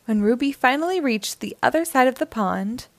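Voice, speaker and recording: A woman hosting a children's storytime, reading a picture book aloud in a slow, expressive and melodic way. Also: high-pitched, no room sound. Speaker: storytime host.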